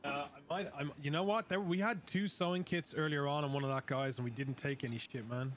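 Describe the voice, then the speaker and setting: A man chatting casually with a fellow player, relaxed and loose with swearing. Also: fairly high pitch, fairly quick, slight background noise. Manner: relaxed, swears casually, calls people bro. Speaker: teammate in a survival game. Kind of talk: casual gaming chat.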